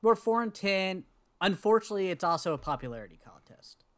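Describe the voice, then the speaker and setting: A man's voice: high voice, big pitch swings, fast, a bit bright. A man co-hosting a casual sports podcast, talking in a conversational, slightly hesitant way. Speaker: podcast co-host.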